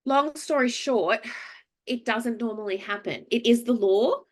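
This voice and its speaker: A woman's voice: a little high, unhurried. A woman with an Australian accent, co-hosting a podcast and animatedly telling a story in casual chat, acting out the voices of people she quotes. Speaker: podcast co-host.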